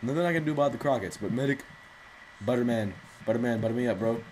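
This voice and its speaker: A man's voice: medium pitch, fast, darkish tone, a little hiss or hum, low-quality recording. A man hosting live gameplay commentary with rambling, jokey, self-mocking asides. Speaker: gaming channel host.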